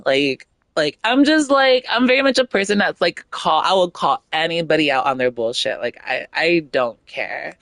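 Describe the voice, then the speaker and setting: A woman's voice: sits low, expressive, normal speed, fairly bright tone, dry recording. A woman streamer chatting casually, blunt and outspoken, swearing freely and rambling with lots of fillers. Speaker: gaming streamer.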